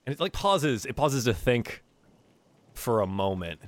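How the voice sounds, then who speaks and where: A man acts as game master for a tabletop game, narrating the scene in a lively storytelling style full of fillers and restarts. His pitch is medium and his pace unhurried, with no room sound.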